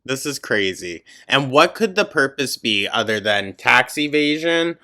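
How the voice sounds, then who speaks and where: A man hosting a reaction show, picking apart a clip with sarcastic, scornful remarks and plenty of swearing. He talks at a slow, unhurried pace in a middle-pitched voice. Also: big pitch swings, sharp tone. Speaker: reaction commentator. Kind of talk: mocking commentary over a clip.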